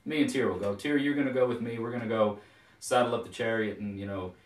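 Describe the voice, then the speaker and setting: A man's voice: on the low side, quick pace, natural voice. A man voicing a brash, eager young god who speaks with easy confidence, recorded with a roomy echo from a distant mic. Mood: boastful.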